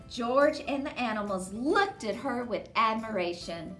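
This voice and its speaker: A children's librarian reading a picture book aloud, slow and dramatic. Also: female voice, sits high, animated, a bit bright, soft background music. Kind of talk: storybook read-aloud. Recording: roomy echo.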